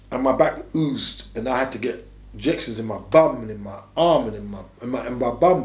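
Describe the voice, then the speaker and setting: In an echoey room, an English interview guest with a medium-pitched, darkish voice tells stories casually, talking fast in streetwise slang and hammering points with repeated, emphatic phrasing.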